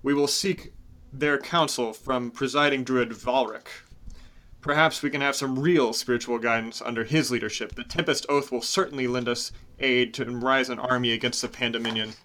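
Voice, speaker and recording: A man voicing a proud, angry male elf elder of ancient lineage, loud and demanding. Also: medium pitch, steady tone, normal speed, close to an everyday voice. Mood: resolute.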